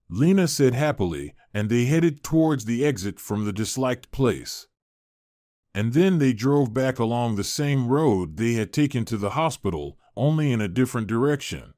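A man reading a story aloud in a steady, even scripted narration. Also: medium pitch, unhurried, no room sound, studio quality.

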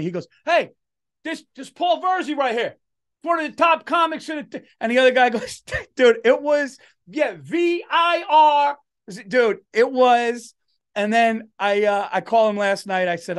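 A middle-aged man, a comedian telling a story on a podcast and doing the voices of the people in it. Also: sits high. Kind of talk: casual storytelling chat.

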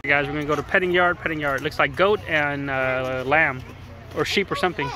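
At an outdoor zoo, a parent vlogging a family outing narrates casually in a brisk, mid-range voice, playfully encouraging a child and talking to viewers. Crowd noise from visitors fills the outdoor recording.

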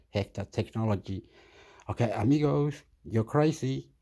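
A man's voice: medium pitch, unhurried, darkish tone. A man giving rambling, crude commentary over a news clip, swearing often and slipping into Spanish. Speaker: video commentator.

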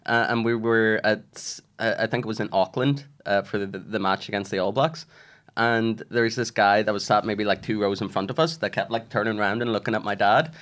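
A man's voice: lowish voice, fairly even intonation, a little fast, a bit bright. A man, a podcast guest who tells rambling anecdotes full of fillers. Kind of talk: casual chat.

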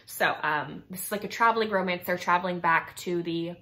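A young woman casually recommending romance novels, gushing and excited, dropping lots of fillers and quick character asides. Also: lowish voice. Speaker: book reviewer. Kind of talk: casual chatty book recommendations.

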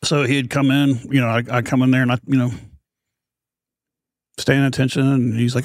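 Gravelly man telling a long story. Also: mid-range voice, flat delivery, brisk, long pauses, no room sound, studio quality. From United States. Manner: rambling, self-deprecating, acts out quoted voices. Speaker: podcast host being interviewed. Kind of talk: casual storytelling interview.

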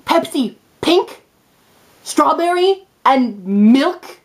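A young woman vlogging at home, hyper, giggly and excitable, talking straight to her camera. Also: high voice, fairly quick. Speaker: vlogger and English teacher in Japan. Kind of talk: casual vlog. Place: indoors at home.

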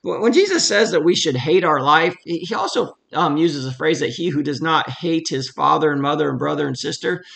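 A man leads a relaxed Bible study from home in a fairly high, bright voice with a gravelly edge. He talks conversationally and then leans hard on the verses he reads aloud. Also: a little fast, hardly any pauses. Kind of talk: casual verse-by-verse Bible teaching.

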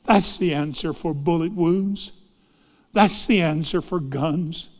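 A man preaching a sermon, swinging dramatically between loud fervent lines and hushed ones. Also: a little high, takes it slowly, big-room sound.

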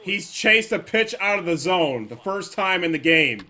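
A young man commentating his own video game play, excitable and cursing, swinging from loud outbursts to low muttering. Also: normal speed. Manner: excitable, swears often, swings from yelling to muttering. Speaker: gaming YouTuber. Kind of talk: live gameplay commentary.

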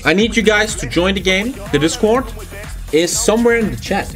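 A man's voice: high voice, sing-song, fairly quick, fairly bright tone, faint music behind. A man streaming a strategy game, joking crudely and swearing often. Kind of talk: live game stream commentary.

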